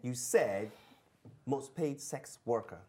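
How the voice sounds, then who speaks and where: Skeptical questioning voice, lively pitch. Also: slow, a crowd in the background. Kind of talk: casual panel chat.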